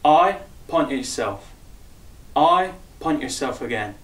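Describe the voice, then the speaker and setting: A chatty, jokey man teaches a simple dance routine, calling out each move and counting the beats. His voice sits at a middling pitch and moves at an easy, unhurried pace. He sounds a step back from the mic in a roomy, echoing space. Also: animated. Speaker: dance instructor. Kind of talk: dance tutorial, calling out steps. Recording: roomy echo, voice far from mic.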